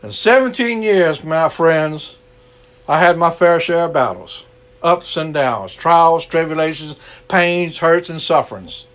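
Earnest male preacher, fairly high voice. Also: expressive, unhurried, a bit bright. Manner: earnest, repeats key lines, ends in prayer. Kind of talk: sermon. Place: online gathering.

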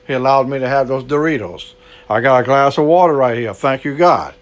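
A man's voice: medium pitch, brisk. A man preaching a sermon, earnest and repetitive, stretching words for emphasis.

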